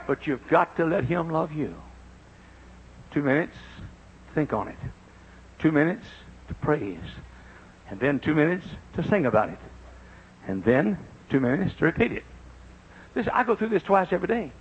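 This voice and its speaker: An older man preaching a sermon, dropping to a low confiding tone and rising to high shouted praise. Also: very animated, moderate pace, pauses often, breathy edge, dull audio.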